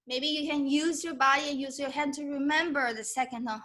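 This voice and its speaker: A woman's voice: high-pitched, moderate pace, pushed and bright. A woman teaching Mandarin on a live stream, mixing English with Mandarin and drawing out syllables to demonstrate tones. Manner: encouraging, asks "okay?" often. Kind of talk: live-stream language lesson.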